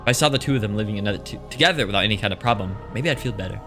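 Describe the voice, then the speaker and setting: Bright-voiced joking streamer. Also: male voice, lowish voice, very fast, soft background music. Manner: rambling, joking, with many restarts. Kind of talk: casual let's-play commentary and reading aloud.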